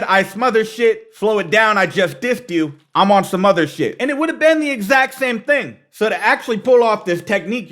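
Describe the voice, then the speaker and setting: A man's voice: sits high, a bit bright. A man teaching battle rap technique, breaking down wordplay step by step in an explanatory commentary.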